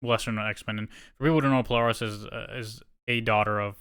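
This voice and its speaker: Man, podcast co-host, casual chat, reads news aloud, smooth tone. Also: on the low side, fairly even intonation, fast talker, fairly bright tone.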